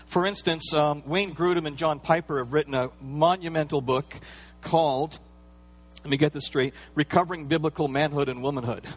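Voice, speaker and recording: Man, pastor, sermon, conversational preaching, slightly higher voice, playful asides. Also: fairly even intonation, moderate pace, breathy edge.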